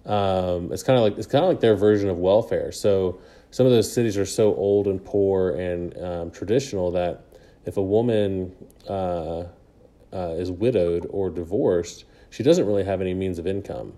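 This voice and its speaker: Low, mellow-voiced man telling a story. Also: moderate pace. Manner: rambling, laughs often, many fillers. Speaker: podcast co-host. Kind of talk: casual storytelling chat.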